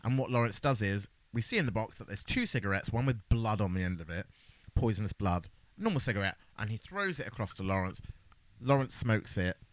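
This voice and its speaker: A man's voice: on the low side, expressive, fairly quick, no echo. A man co-hosting a podcast, chatting casually through a film recap and acting out bits of dialogue. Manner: chatty, acts out lines from the film in a raised voice. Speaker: podcast co-host.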